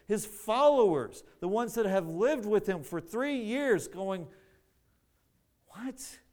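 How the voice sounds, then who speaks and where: A man's voice: sits high, a little mellow. A man preaching a sermon, earnest, often repeating words as he searches for the phrasing.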